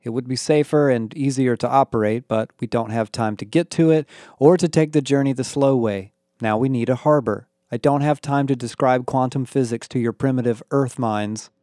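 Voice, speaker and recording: A man's voice: medium pitch, moderate pace, mellow, no echo, clean studio sound, lightly acted. A man voicing a haughty, impatient male alien in an audiobook, sarcastic and superior. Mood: condescending. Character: arrogant condescending male alien.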